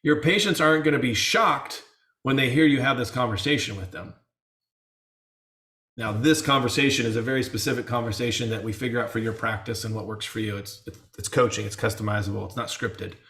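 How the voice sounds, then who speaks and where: A man's voice: medium pitch, a little fast, pushed and bright. Earnest male practice coach, chatty and repetitive, recorded in a reverberant room. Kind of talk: casual webinar talk. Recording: roomy echo.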